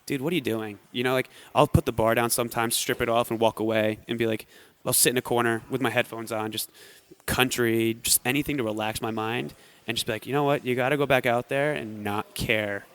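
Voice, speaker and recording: Animated young man telling gym stories. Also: medium pitch, brisk, few pauses. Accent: American. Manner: animated storyteller acting out quotes. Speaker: guest athlete. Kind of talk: casual podcast chat.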